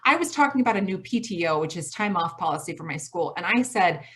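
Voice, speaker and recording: A fast-talking Midwestern woman in her forties speaking over a video call from home, sitting a little low in her pitch. She hammers her points with emphasis and keeps coming back to the same key phrases. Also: expressive, fairly bright tone. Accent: Midwestern American. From Michigan, US Midwest. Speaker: college president giving a talk. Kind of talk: motivational talk on a video call.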